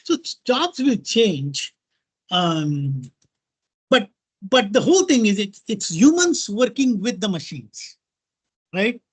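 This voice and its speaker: A middle-aged man from India with an Indian accent, giving a lively informal talk to an audience, mixing in Hindi phrases and often checking in with "right?" and "okay?". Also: high-pitched, takes it slowly, long pauses, husky. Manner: animated, mixes Hindi into English, repeats "right?" and "okay?". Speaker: guest speaker.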